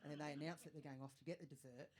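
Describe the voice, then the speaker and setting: A woman in her thirties with an Australian accent, performing a stand-up comedy set, chatty and self-mocking with quick asides to the crowd. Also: low voice, steady tone. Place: comedy venue stage with live audience. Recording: live show with audience noise.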